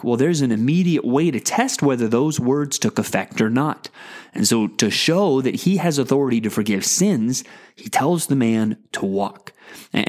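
A man hosting a daily Bible devotional podcast, teaching in a conversational way and slowing down to read scripture aloud. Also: mid-range voice, a little mellow. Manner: conversational, with fillers and restarts, reads scripture slowly.

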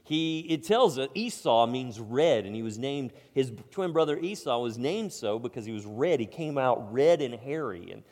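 A middle-aged male pastor preaching in a loose, conversational way, tripping over his words and starting again. He drops to soft asides and then swells into loud, emphatic bursts. His voice has an ordinary middle pitch and carries a long reverb from a large church hall. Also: animated, normal speed, hardly any pauses. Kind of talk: sermon.

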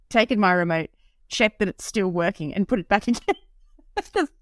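A woman's voice: mid-range voice, very animated, normal speed, no room sound, studio quality. A woman, co-hosting a podcast in casual chat, laughing often and telling stories with animation. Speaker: podcast co-host.

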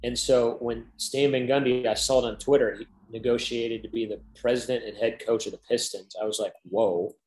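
A man in his thirties recounts a story to an interviewer in a loose, chatty way, leaning on "like" and acting out the lines of the people in it. His voice sits at an ordinary middle pitch, and the recording has a roomy echo around it. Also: level tone, a little fast, few pauses, a little mellow. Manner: chatty, peppered with "like", acts out quoted dialogue. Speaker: interview guest. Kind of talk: casual storytelling.

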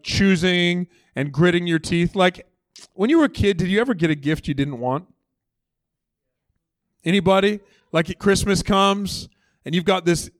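A man preaching a sermon, conversational and animated, calling out for responses and dropping low and slow on key phrases. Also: no room sound, studio quality. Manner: conversational with frequent "like" and storytelling. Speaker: pastor. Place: church.

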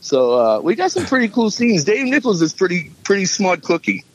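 A man's voice: sits high, very animated, brisk, lo-fi sound, slight background noise. A man, a musician and filmmaker, telling rambling stories in casual chat and acting out what people said. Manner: rambling storyteller, acts out quotes.

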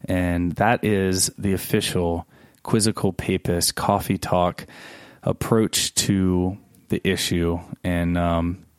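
A man, a priest, hosting a casual podcast chat, animated and laughing often, jumping up high for emphasis. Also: slow pace, smooth, no room sound, clean studio sound. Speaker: podcast host; Catholic priest.

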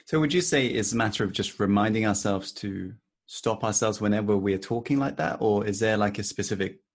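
A man's voice: fairly low pitch, fairly quick. A man interviewing a guest, answering and asking questions in a hesitant, tentative way.

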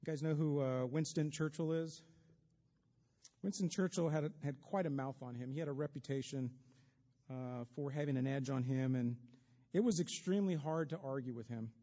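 A man's voice: medium pitch, normal speed, warm tone. A man preaching a sermon, talking conversationally to the congregation with wry asides, in a church sanctuary. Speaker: pastor. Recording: long reverb of a large hall.

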